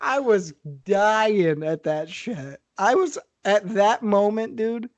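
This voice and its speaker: A man's voice: high-pitched, expressive, slow pace, dry recording. A man co-hosting a podcast in casual, profane chat, laughing often and talking with animation. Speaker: podcast co-host.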